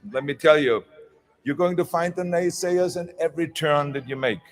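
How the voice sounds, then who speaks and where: A man's voice: a little high, moderate pace, faint music behind. An older man with a German accent giving an emphatic motivational speech, with small slips in his phrasing. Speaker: motivational speaker.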